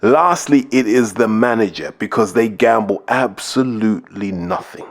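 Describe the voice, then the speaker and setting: A man's voice: on the low side, lively intonation, normal speed. Blunt man ranting about boxing. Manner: blunt, emphatic, lists points to drive them home. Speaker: podcast host, boxing pundit. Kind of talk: opinionated casual commentary.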